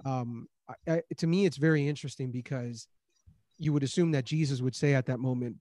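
A man's voice: mid-range voice, fairly quick, warm tone, no echo. A man hosting a Christian discussion, speaking earnestly with many restarts and rising emphasis on key points. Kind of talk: casual faith discussion.

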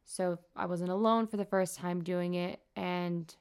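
This young woman, a nurse, has a fairly low, mellow voice that stays steady and clean at a measured pace. In a casual vlog she recounts her personal health story, speaking earnestly and without holding back.

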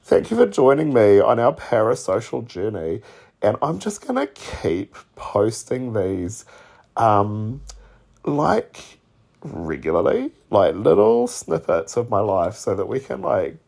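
Croaky, gravelly man rambling on a podcast. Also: on the low side, huge pitch swings, slow pace, darkish tone. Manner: rambling and emotional, many fillers. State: croaky with a cold. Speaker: podcast host. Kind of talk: casual solo podcast chat.

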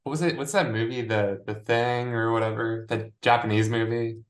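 A woman's voice: very deep voice, fairly even intonation, normal speed. A woman co-hosting a casual podcast, making wry jokes about a TV episode. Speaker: podcast co-host. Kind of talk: casual chat.

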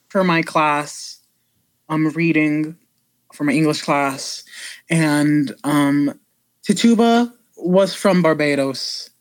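A woman's voice: low-pitched, takes it slowly, dry recording. A woman co-hosting a podcast in casual chat, talking frankly with lots of fillers and some swearing. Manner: chatty, filler-heavy, frank and profane. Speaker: podcast co-host.

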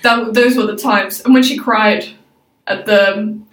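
A woman co-hosting a casual chat, animated, laughing often and acting out quotes. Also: medium pitch, measured pace, roomy sound, distant mic, background noise. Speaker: podcast co-host.

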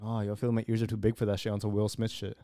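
A man's voice: fairly low pitch, monotone, rapid-fire, crowd noise. A young man co-hosting a podcast in casual joking chat, full of slang and laughter. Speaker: podcast co-host.

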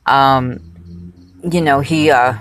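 A woman's voice: extremely low pitch, steady tone, slow pace, faint music behind. A woman working as a rideshare driver, telling a casual, rambling anecdote full of digressions. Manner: chatty, digressive storytelling.

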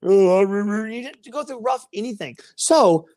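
A woman's voice: mid-range voice, lively intonation, normal speed, a little mellow, no echo, clean studio sound. A woman co-hosting a casual sports chat, ranting and mocking rival fans. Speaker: podcast co-host.

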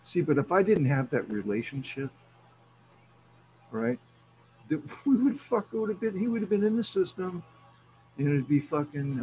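Middle-aged man, raspy, swears freely, animated casual storyteller. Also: mid-range voice, normal speed, long pauses, slight background noise, low-quality recording. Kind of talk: casual chat.

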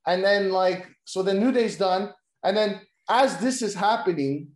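High-voiced rambling man, echoey room. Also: unhurried. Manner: rambling, heavy "like" fillers, swears freely. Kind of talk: casual chat pitching wrestling storylines. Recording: roomy echo.

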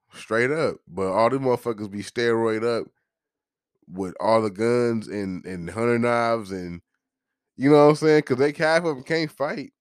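A man's voice: fairly low pitch, smooth, dry recording, studio quality. A man hosting a podcast, ranting in a heated, profane and joking way. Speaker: podcast host. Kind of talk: casual podcast rant.

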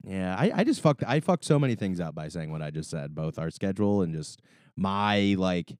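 A man co-hosting a beer podcast in casual chat, animated and self-deprecating, swearing and laughing often. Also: deep voice, normal speed, no room sound, clean studio sound. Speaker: podcast co-host.

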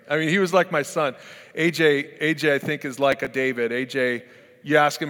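A man's voice: a little high, fairly quick, a bit bright. A middle-aged man, a pastor, preaching a sermon in a conversational, storytelling way. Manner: conversational, storytelling with acted-out quotes. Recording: long hall reverb.

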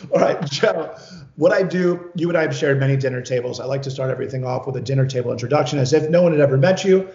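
A man's voice: mid-range voice, rapid-fire, gravelly, a little mellow. A man hosting a casual interview over a video call, chatty and enthusiastic, often laughing. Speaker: host. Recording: roomy, dull lo-fi sound.

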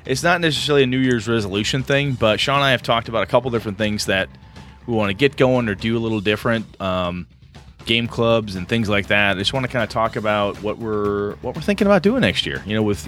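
A man's voice: lowish voice, fast, a bit bright, faint music behind. A man co-hosting a tabletop gaming podcast, rambling enthusiastically with lots of fillers. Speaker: podcast co-host. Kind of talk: casual podcast chat.

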